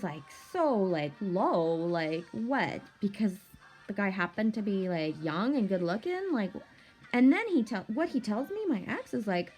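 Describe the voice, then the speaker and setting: A woman's voice: medium pitch, big pitch swings, measured pace, a little mellow, breathy edge, soft background music. A woman telling a rambling personal story in a casual vlog, swearing freely and talking animatedly.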